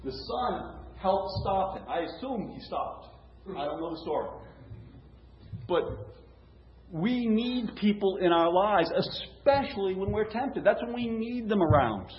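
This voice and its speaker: A man's voice: high-pitched, expressive, a little slow. A man preaching a sermon in a conversational way, asking rhetorical questions and restarting phrases. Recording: roomy, dull, lo-fi with faint hum.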